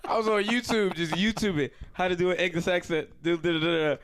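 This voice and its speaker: A man's voice: sits high, fast, fairly bright tone, slight background noise. A man in his twenties hosting a podcast, chatting casually, laughing often and acting out quoted voices. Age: 20s. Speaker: podcast host. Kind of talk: casual chat.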